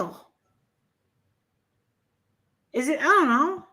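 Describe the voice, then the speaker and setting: A brash co-host with a New Jersey accent, her voice sitting high and ringing. She talks bluntly and loudly, cursing without a second thought. It is a loose, casual chat. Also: measured pace. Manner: loud, blunt, swears freely.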